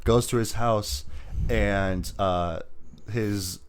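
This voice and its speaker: Man, fairly low voice, casual movie podcast co-host, rambling, laughs often, acts out scenes. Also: steady tone, drawn-out words, clean tone. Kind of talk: casual movie review chat.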